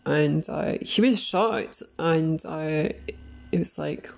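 A woman tells a story in a loose, rambling way, full of fillers and quick laughs. Her voice sits a little low and has a gravelly, creaky edge. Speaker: podcast host. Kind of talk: casual spoken storytelling.

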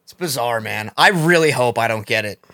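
A young man hosts a casual podcast in a bright, forceful voice. His sound is dry and close, with no room around it. He asks after his co-host in a friendly, sympathetic way, chatty and easygoing. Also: mid-range voice, lively intonation, moderate pace, no room sound.

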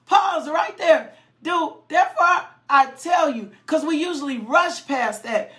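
A woman with a high voice preaching a passionate sermon. She shouts, breaks into sudden high cries and call-outs, and doubles back over her words as the feeling builds. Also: animated. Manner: halting, repeating phrases. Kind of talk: impassioned sermon.

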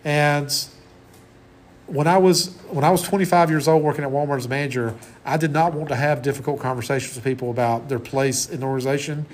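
Guy in his forties lecturing a class, chatty, trips over his words a lot, kinda high voice. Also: fairly even intonation, quick pace. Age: 40s. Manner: conversational, rambling with restarts. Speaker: college instructor.

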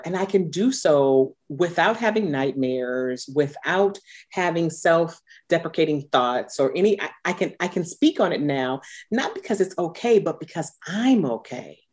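A woman in her thirties, a coach, talking in an interview in an earnest, unhurried way with conviction. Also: low-pitched. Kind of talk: podcast interview, reflective.

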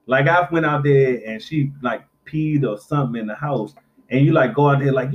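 A middle-aged man in casual chat, telling profane, animated stories and acting out quotes. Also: mid-range voice, normal speed. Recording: dull lo-fi recording.

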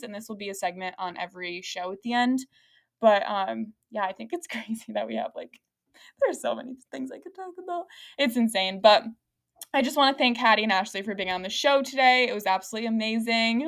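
A young adult woman hosting a podcast, telling a story in a lively, rambling way with lots of fillers and frequent laughter. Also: on the high side. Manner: laughs often while talking. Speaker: podcast host. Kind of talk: casual podcast chat.

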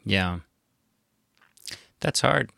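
A man with a low, gravelly voice hosts a conversation, affirming and encouraging his guest. He speaks in a measured way. The sound is dry and close, as on a podcast mic. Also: animated, pushed and bright, no room sound. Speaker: podcast host. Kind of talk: interview conversation.

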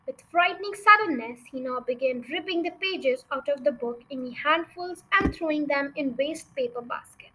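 A woman's voice: high-pitched, moderate pace, hardly any pauses, sharp tone, poor audio. A young woman reading a children's novel aloud as a storyteller, with chatty asides to her listeners.

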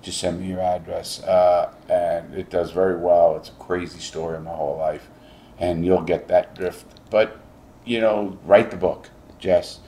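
A man's voice: low-pitched, fairly even intonation, measured pace, warm tone, a little hiss or hum. A middle-aged man interviewing a guest, blunt and emphatic, swearing freely. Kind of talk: casual interview.

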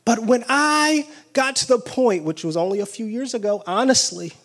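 A man preaching a sermon with excited exclamations and call-and-response energy. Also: very high voice, normal speed.

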